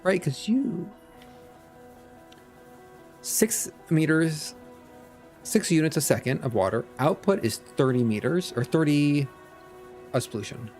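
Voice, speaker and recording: A man's voice: fairly high pitch, animated, slow pace, long pauses, a little mellow, soft background music. A man streaming a factory-building game, muttering to himself with playful asides. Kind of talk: casual gameplay commentary.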